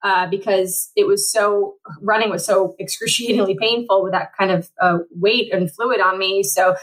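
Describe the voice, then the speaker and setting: A woman's voice: medium pitch, steady tone, normal speed, rough recording. Chatty woman in her forties. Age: 40s. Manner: rambling, frequent fillers and restarts. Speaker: Paralympic triathlete guest. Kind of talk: conversational interview storytelling.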